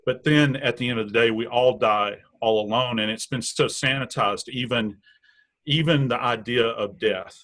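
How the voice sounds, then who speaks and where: A man's voice: mid-range voice, normal speed, fairly bright tone. A man speaking as a death investigator guest in a true crime interview, blunt and emphatic, building his points through repetition.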